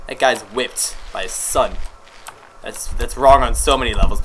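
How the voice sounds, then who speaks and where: A man giving excitable, joking gameplay commentary, swearing and yelling at the game. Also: lowish voice, fairly quick, a little hiss or hum, poor audio. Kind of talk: let's play commentary.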